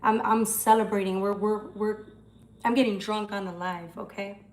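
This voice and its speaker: A woman's voice: mid-range voice, steady tone, moderate pace, darkish tone. A young woman hosting a tarot livestream, chatting casually and answering comments, with some swearing.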